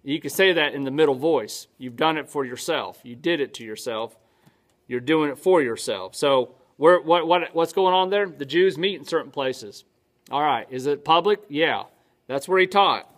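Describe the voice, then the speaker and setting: A man's voice: fairly high pitch, lively intonation, moderate pace. A male pastor teaching a sermon in a church, conversational, often asking his congregation questions and answering them himself.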